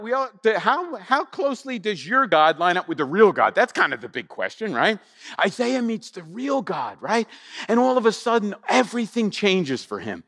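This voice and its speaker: A man preaching a sermon, animated and conversational, full of rhetorical questions to the congregation. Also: sits high, big-room sound. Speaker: pastor.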